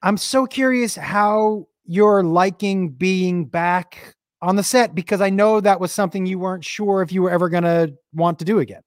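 A man's voice: sits high, moderate pace, no room sound, clean studio sound. A man hosting a casual chat, eager and friendly with slangy talk. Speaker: host.

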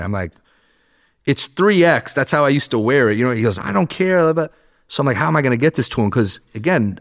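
A man in his thirties, a podcast guest, telling a story in casual chat, animated and swearing, acting out what people said. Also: medium pitch. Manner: animated, swears, acts out quotes.

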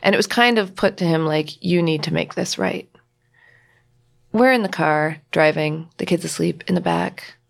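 With a lowish voice, vocal fry and a moderate pace, a woman appears as a podcast guest to share a personal family story. She is emotional and acts out the voices of the people she quotes.

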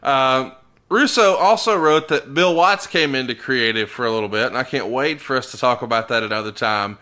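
A man's voice: medium pitch, normal speed, bright, forceful tone. A man hosting a podcast who reads out claims from a book and asks about them with open disbelief. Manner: incredulous questioner reading claims aloud. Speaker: podcast host and interviewer. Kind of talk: casual podcast interview.

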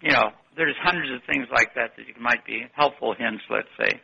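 A man's voice: mid-range voice, moderate pace, creaky, pushed and bright, slightly rough, highs cut off. An older man telling long, rambling stories in an interview and correcting himself as he goes. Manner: rambling, anecdotal, self-correcting. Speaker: guest. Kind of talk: interview storytelling.

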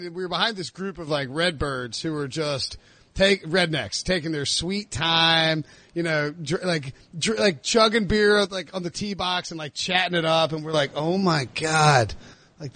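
A man hosting a podcast, telling a story in casual chat and acting out the shouted lines. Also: on the high side, dry recording. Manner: animated storyteller, acts out shouted quotes. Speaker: podcast host.

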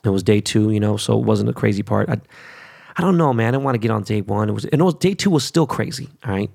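This is a man talking off the cuff to his audience, swearing freely and jumping between topics with restless hype. His voice sits fairly low with a rough, gravelly fry running through it. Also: expressive, quick pace, a little mellow. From Korean descent stated, not origin. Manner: profane, rambling, hyped sports talk. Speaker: vlogger. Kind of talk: casual rant to camera.

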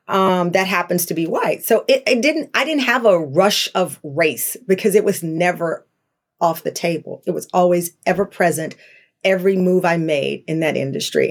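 Woman, middle-aged, interview guest, lively storyteller, candid, acts out quoted voices. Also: on the low side, moderate pace. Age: 40s to 50s. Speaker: talk show host, guest.

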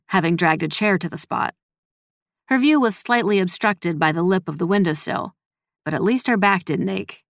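Low gravelly woman narrating. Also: fairly bright tone, dry recording, clean studio sound. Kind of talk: scripted audiobook narration.

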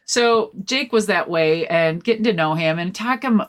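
A woman guest-hosting a podcast, telling stories in a rambling, animated way with lots of fillers and swearing. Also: fairly low pitch, normal speed. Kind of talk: casual storytelling chat.

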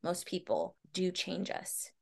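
A woman guest on a podcast interview chatting casually, animated and reflective, often laughing. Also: lowish voice, slow, creaky. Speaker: guest, Broadway actress.

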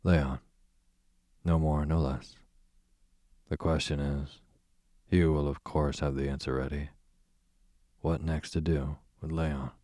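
A man's voice: a bass voice, little pitch movement, takes it slowly, pauses often, mellow, dry recording. A man reading the part of a sardonic aristocratic duke in a bedtime audiobook, with a dry, sarcastic drawl.

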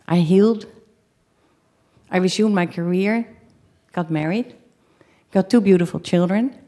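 Slightly low-voiced woman telling a story. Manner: halting, repeats and restarts phrases; acts out her own shouted pleas. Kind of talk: live first-person storytelling.

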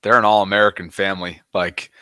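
A young man co-hosting a sports podcast, retelling moments in an animated, play-by-play way. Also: deep voice, fast, clear, resonant tone, dry recording. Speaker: podcast co-host. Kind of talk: casual sports chat.

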